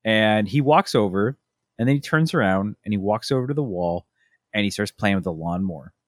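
A man in his thirties co-hosting a casual chat show, telling stories with lively acted-out quotes. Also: fairly low pitch, a little fast, dry recording, studio quality. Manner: animated storytelling, acting out his family's lines. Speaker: podcast co-host.

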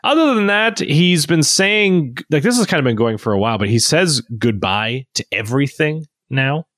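A man in his thirties telling family stories in a casual podcast chat. His pitch leaps up and down as he acts out little quotes. The recording is dry and close, with no room sound. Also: moderate pace, no echo. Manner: animated storytelling with childlike voiced quotes. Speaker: podcast co-host.

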